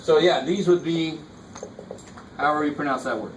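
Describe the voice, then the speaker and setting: A man with a fairly high voice lectures a math class in a casual, engaged way and keeps asking whether the students follow. He was recorded from across a roomy classroom, and a faint hiss sits under the voice. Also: moderate pace, distant mic. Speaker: math teacher.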